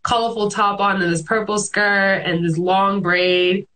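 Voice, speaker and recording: A woman's voice: medium pitch, fairly even intonation, a little slow, fairly bright tone, low-quality recording. A young woman hosting a casual interview chat, upbeat and playful, with casual asides. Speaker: host.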